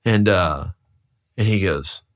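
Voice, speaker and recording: A man's voice: sits low, slow pace. A man, a real estate broker, telling stories casually as a podcast guest, laughing often and swearing freely. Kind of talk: casual storytelling in a podcast interview.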